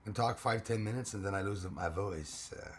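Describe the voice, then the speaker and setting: A man hosting a casual live stream chat, hoarse and losing his voice, greeting viewers by name. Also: lowish voice, normal speed, slight background noise.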